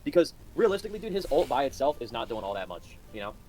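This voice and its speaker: Fast-talking excitable young man. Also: mid-range voice, faint music behind, poor audio. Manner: excitable, joking, rapid-fire. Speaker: co-host. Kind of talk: casual gaming chat.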